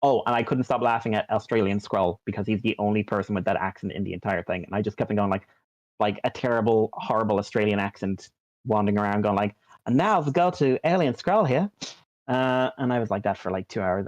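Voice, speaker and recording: A podcast co-host with a lowish voice talks quickly in a steady tone, rambling casually with many fillers and restarts, lots of ums and likes. The dull, lo-fi audio is dry, with no room sound.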